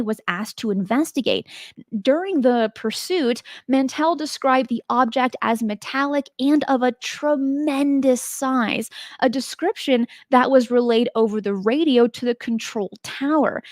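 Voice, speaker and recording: A woman's voice: sits high, dry recording, clean studio sound. A woman hosting a show on strange cases, telling them in a chatty, emphatic way and putting rhetorical questions to her listeners. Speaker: host. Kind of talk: casual spoken narration of paranormal cases.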